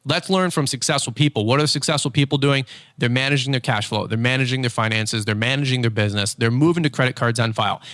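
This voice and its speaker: Casting: male podcast host, emphatic and confessional, middle pitch, dry close sound. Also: a bit bright, no room sound. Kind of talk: candid business podcast monologue.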